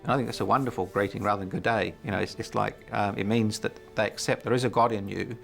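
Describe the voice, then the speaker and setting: A man's voice: lowish voice, steady tone, fast talker, gravelly, a bit bright, faint music behind. A middle-aged man telling his life story in an interview, reflective and hesitant, with many fillers and frequent chuckles. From New Zealand. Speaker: interview guest.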